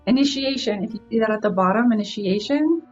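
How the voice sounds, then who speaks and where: A young woman reading oracle cards in a casual chat, enthusiastic and quick to exclaim. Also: on the high side, lo-fi sound, faint music behind. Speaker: co-host, card reader.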